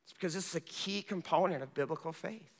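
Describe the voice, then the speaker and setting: A male pastor preaching a sermon with passion, swinging between loud emphasis and hushed, quiet moments. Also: fairly high pitch, fast talker. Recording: long church reverb.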